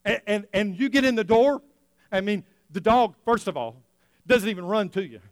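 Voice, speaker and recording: Male pastor, sermon, animated and laughing, high voice, dry sound. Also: normal speed, no room sound. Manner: animated, laughing often, acting out an excited dog.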